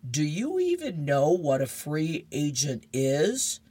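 Mild, doubtful kid, a woman reading his lines, low and slow. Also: huge pitch swings, warm tone, slightly rough, exaggerated voice. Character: glum meek little boy pitcher.

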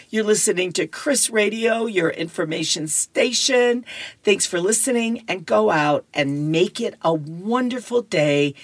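Low-voiced woman reader, slow and chatty, radio reading show. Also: fairly bright tone. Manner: chatty, with giggles and restarts. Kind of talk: reading horoscopes and comics on radio.

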